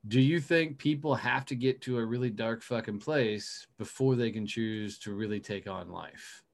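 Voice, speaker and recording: A man's voice: medium pitch, moderate pace. Profane, rambling podcast host, male. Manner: loose, swears freely, rambling with fillers. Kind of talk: casual interview chat.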